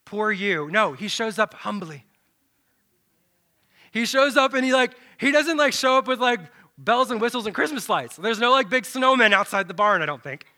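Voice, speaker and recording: A man preaching a sermon in an animated, dramatic way, dropping to a low hush and then swelling loud. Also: normal speed.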